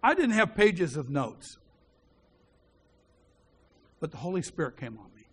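A man preaching a sermon, telling a story and acting out the voices in it, dropping to a hushed voice when he quotes a prayer. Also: on the high side, a little slow, slightly rough. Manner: animated storyteller who acts out the dialogue.

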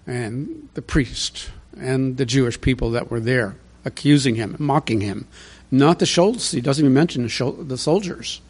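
Conversational male preacher, mid-pitched. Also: normal speed, a little mellow, breathy edge. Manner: conversational, emphatic, with rhetorical questions. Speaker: pastor. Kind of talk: expository sermon.

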